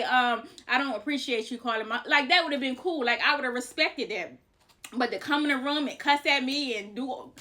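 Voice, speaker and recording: A woman's voice: fairly high pitch, pushed and bright. A young woman vlogger telling a personal story in a candid, profane, repetitive way. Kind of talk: casual storytime vlog.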